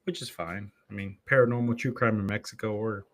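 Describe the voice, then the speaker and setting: A man's voice: on the low side, steady tone, a little fast. A man hosting a live stream, talking casually and rambling from one thing to the next as he sets up his show. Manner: rambling, chatty, self-interrupting. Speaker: streamer and podcast host.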